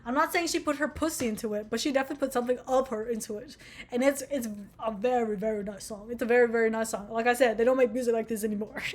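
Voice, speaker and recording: A woman's voice: on the high side, rapid-fire, a little mellow. A young American woman in her twenties chatting casually about music, rambling, swearing and mocking herself. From United States. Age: young adult. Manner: rambling, profane, self-mocking. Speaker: vlogger. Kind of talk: casual chat.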